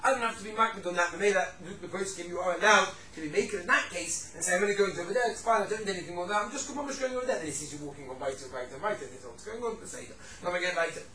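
A man teaching a casual halacha class, animated, acting out quoted speakers and mixing in Yiddish and Hebrew terms. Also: high-pitched, very fast, hardly any pauses, echoey room, recorded from a distance, rough recording. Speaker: Torah teacher.

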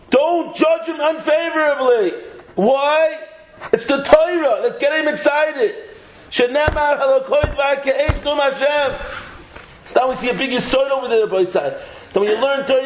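A man teaching Torah in an animated sermon, acting out students and bystanders and using many Yiddish and Hebrew terms. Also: extremely high pitch. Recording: roomy, slightly dull recording with faint noise.

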